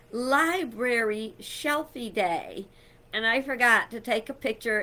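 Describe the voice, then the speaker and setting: A middle-aged woman chatting casually to camera, loud and rambling, with fillers and little laughs. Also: medium pitch. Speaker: vlogger.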